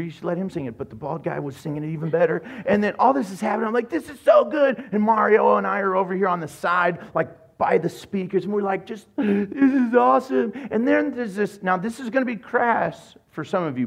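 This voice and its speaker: A man's voice: fairly high pitch, creaky, husky. A man preaching a sermon as pastor, telling jokey stories and acting out other people's voices. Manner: animated, joking storyteller, acts out voices.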